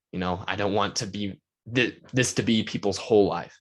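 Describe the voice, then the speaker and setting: A man's voice: lowish voice, normal speed, a bit bright. A man hosting his own podcast alone, talking eagerly in a rambling way with lots of filler words. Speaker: podcast host. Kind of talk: solo podcast monologue.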